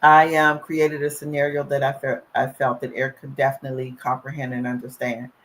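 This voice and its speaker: A woman's voice: a bass voice, little pitch movement, fairly quick, slight background noise, low-quality recording. A woman guest on an interview, earnestly recounting a family story in detail. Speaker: guest, mother.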